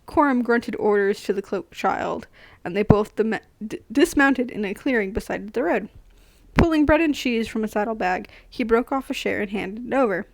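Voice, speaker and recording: A woman's voice: on the high side, expressive, moderate pace, dry recording. A woman streaming a live read-aloud of a novel, giggling and stumbling over words. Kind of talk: reading aloud with friends.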